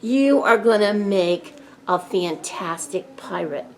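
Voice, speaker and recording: A woman, a children's librarian, showing a pirate hat craft to kids with animated, playful pirate greetings. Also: medium pitch, takes it slowly, rough recording.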